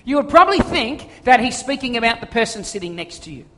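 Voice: mid-range voice, sing-song, fast, pushed and bright. A preacher, giving a conversational sermon full of jokes and asides. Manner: conversational, joking storyteller. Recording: long reverb of a large hall.

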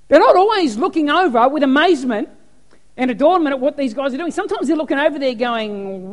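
A man preaching a sermon as pastor, animated storytelling. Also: extremely high pitch, fairly quick. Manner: animated storytelling, acts out cheering crowds. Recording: echoey hall with long reverb.

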